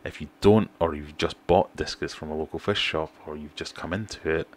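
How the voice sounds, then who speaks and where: A middle-aged British man hosting a relaxed livestream, chatting and reading out viewer comments in a self-deprecating way. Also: rumbling low, brisk, a little hiss or hum. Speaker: fishkeeping livestream host. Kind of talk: casual livestream chat.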